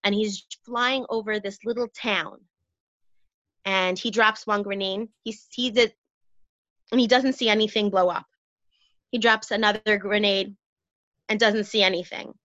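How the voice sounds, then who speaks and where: A woman guest in a casual conversation, chatty and jokey, quick to laugh. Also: mid-range voice, steady tone, bright, forceful tone, no room sound, lo-fi sound.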